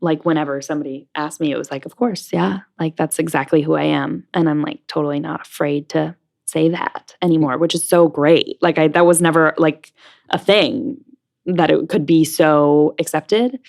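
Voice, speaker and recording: A woman's voice: low-pitched, steady tone, moderate pace, vocal fry, darkish tone. A young woman from the New York area, a Broadway actress chatting as a guest, frank and full of fillers. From New Jersey/New York. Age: young adult. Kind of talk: casual interview chat.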